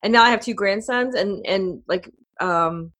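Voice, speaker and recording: A woman's voice: mid-range voice, unhurried, fairly bright tone. A middle-aged woman, a podcast host appearing as a guest, chatting in a rambling, talkative way with frequent laughter. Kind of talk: casual interview chat.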